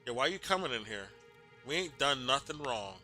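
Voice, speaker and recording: A man voicing a pair of scrappy male bug roach keepers in a put-on Cockney accent, gruff and slangy, while reading game dialogue aloud. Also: mid-range voice, expressive, normal speed, pushed and bright, soft background music. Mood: gruff wary.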